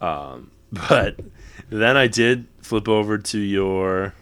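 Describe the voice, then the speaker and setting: A man's voice: lowish voice, expressive, slow, a bit bright, smooth. A young man co-hosting a podcast, chatting casually about basketball in a rambling way, laughing and correcting himself as he goes. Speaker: podcast co-host. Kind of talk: casual sports chat.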